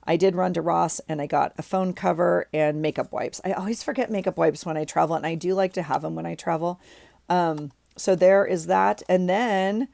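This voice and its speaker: A woman's voice: on the low side, moderate pace, gravelly, dark tone, no room sound. A middle-aged woman vlogger chatting casually at home about her journal, rambling with lots of ums and likes. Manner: rambling, chatty, frequent fillers like um and like. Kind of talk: casual chat.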